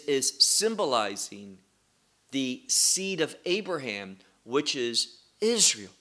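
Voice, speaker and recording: A middle-aged man teaches scripture verse by verse at an unhurried, measured pace. His voice sits a little high and sounds bright and forward. He leans on rhetorical questions to draw his listeners along. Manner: slow, deliberate verse-by-verse exposition with rhetorical questions. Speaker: Bible teacher. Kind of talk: Bible teaching.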